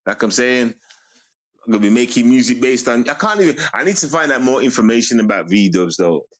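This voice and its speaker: A man's voice: mid-range voice, lively intonation, a little fast. A young man ranting on a casual livestream, mocking and repetitive as he talks to his chat.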